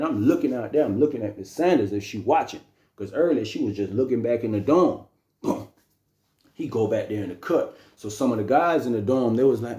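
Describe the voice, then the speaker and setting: A young man casually telling a story, animated and slangy, often repeating phrases. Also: medium pitch, fairly quick. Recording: roomy echo.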